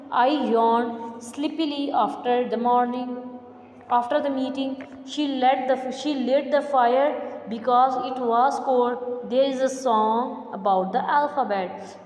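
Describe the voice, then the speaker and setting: A woman's voice: high-pitched, darkish tone. Echoey woman teacher. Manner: slow, deliberate, repeats answers word by word. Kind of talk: online revision lesson. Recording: echoey room, faint background hum.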